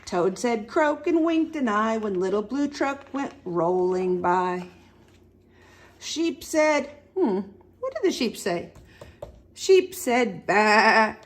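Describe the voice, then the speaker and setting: A woman reading a picture book aloud to young children at storytime, animated, asking them questions and making the animal sounds. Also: a little high, slow. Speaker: storytime reader.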